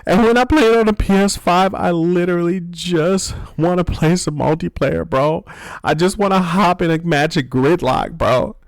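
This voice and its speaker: A young man ranting casually about a video game, profane and excitable, rambling and restarting his sentences. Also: high voice, normal speed, vocal fry, no room sound. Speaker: gaming video host.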